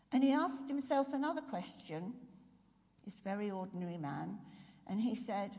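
A woman's voice: mid-range voice, lively intonation, normal speed, creaky, mellow. A woman preaching a sermon, reflective, often asking her congregation questions. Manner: reflective, asks the audience questions. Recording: long reverb of a large hall.

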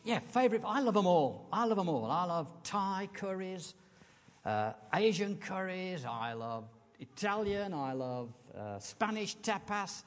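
British male preacher, high lively voice, conversational sermon in a reverberant hall. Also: a little slow. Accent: British English. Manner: chatty, asks the congregation questions.

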